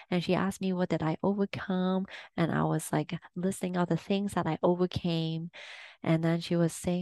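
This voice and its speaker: A woman's voice: lowish voice, steady tone, moderate pace, dark tone, dry recording. A woman hosting a podcast, sharing personal reflections in an earnest, candid way with frequent fillers and restarts. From Asian. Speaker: podcast host.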